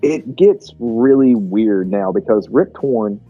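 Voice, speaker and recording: A man co-hosting a podcast who swears freely and retells movie scenes in quick bursts. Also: fairly low pitch, lively intonation, dark tone, highs cut off, soft background music. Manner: profane, retells scenes fast. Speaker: podcast co-host. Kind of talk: casual movie-review chat.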